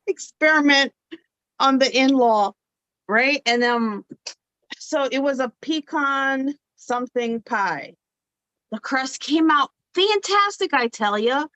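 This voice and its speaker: A woman's voice: high voice, takes it slowly, pauses often, no room sound, lo-fi sound. A woman telling a funny story in casual chat, laughing and acting out the quotes. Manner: animated, laughing, acts out quotes.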